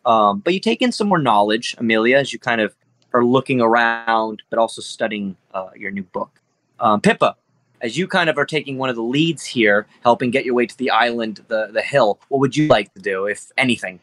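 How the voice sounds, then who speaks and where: Bright-voiced man running a tabletop game. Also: medium pitch, lively intonation, a little fast, no echo. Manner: loose, rambling, many fillers, laughs easily. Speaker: game master.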